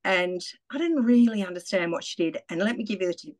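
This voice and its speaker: A woman's voice: medium pitch, animated, quick pace, a little mellow, rough recording. A middle-aged woman giving a candid, self-mocking spoken testimonial as a retreat participant, laughing often and swearing freely.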